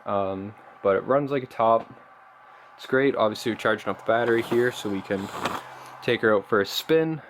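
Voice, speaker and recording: A man's voice: lowish voice, moderate pace, background noise. A man vlogging casually about his hobby car, rambling and enthusiastic, with lots of ums and uhs. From Canada. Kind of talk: casual show-and-tell vlog.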